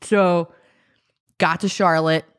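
A woman's voice: on the low side, fairly even intonation, takes it slowly, smooth. A woman in her thirties casually telling a personal story on a chat podcast, full of fillers and acted-out quotes. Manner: chatty, many fillers, acts out quotes. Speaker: podcast co-host.

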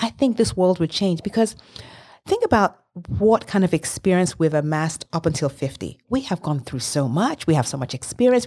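A woman's voice: mid-range voice, mellow, husky. A woman in her fifties, a life coach, speaking as an interview guest in an enthusiastic, emphatic motivational way. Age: 50s. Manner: enthusiastic, emphatic, laughs often.

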